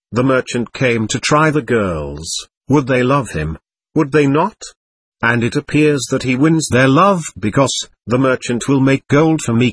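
A man reading a classic novel aloud as audiobook narrator, in a measured literary manner. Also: medium pitch, breathy edge, dry recording. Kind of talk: scripted narration.

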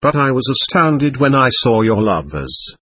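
A husky-voiced man reading the lines of a proud, touchy nobleman who speaks pompously in an audiobook. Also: mid-range voice, very animated, measured pace, fairly bright tone, no echo, studio quality, heavily acted. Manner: pompous, offended dignity.

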